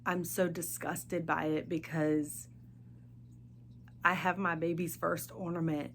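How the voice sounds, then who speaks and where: A middle-aged woman hosting a podcast, talking earnestly and haltingly about grief and faith, often searching for her words. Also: lowish voice, flat delivery, a bit bright, slight background noise. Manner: speaks openly of grief and faith. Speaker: podcast host. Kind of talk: personal monologue.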